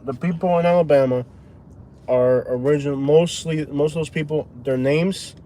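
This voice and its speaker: A man's voice: fairly high pitch, steady tone, normal speed, dark tone. Argumentative man chatting in a car. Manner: argumentative, insistent. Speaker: live-stream host. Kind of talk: casual chat. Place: inside a moving car. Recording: road noise in a car.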